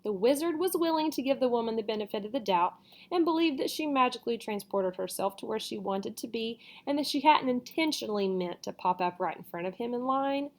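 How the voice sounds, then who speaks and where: Woman reading a storybook aloud. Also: on the high side. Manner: casual asides, self-corrections. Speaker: reader.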